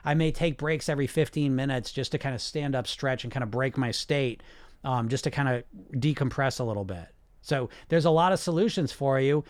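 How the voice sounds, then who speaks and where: A man's voice: mid-range voice, brisk, dry recording. A man hosting a weight-loss coaching show, talking energetically and straight to his listeners, often repeating himself. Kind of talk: casual live coaching talk.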